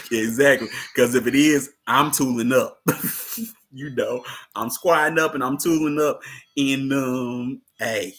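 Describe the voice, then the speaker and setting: A man's voice: medium pitch, takes it slowly, pauses often, a bit bright. A man hosting a casual movie talk, laughing often and repeating words as he talks to his audience. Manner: talks to the audience with "you know what I'm saying". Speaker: host of a movie discussion class. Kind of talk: casual chat.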